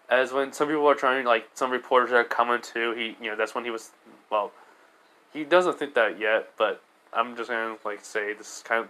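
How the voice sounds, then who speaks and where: A man's voice: mid-range voice, sharp tone, smooth, poor audio. A man casually retelling a fan-made story, rambling with frequent fillers and self-corrections. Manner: rambling, full of fillers and restarts.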